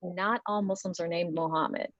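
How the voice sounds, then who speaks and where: A woman's voice: fairly low pitch, fairly even intonation, moderate pace, no room sound, highs cut off. A woman performing a stand-up comedy set over a video call, telling wry stories with lots of fillers. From United States. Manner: wry, conversational storytelling with many fillers.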